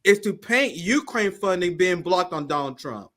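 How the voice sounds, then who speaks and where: A man's voice: high voice, expressive, moderate pace, a bit bright, a little hiss or hum. A man hosting a livestream, talking in casual slang and joking with his guest. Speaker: host.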